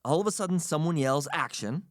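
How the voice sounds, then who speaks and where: A man's voice: fairly high pitch, brisk, dry recording, studio quality. A man from the United States hosting a podcast, telling a long story in a casual, chatty way and acting out the people he quotes. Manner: animated, chatty, acts out quotes. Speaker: podcast host.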